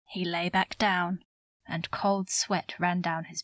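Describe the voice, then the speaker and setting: A woman's voice: fairly low pitch, level tone, a little slow, no echo. Woman narrating a romance audiobook. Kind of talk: scripted narration.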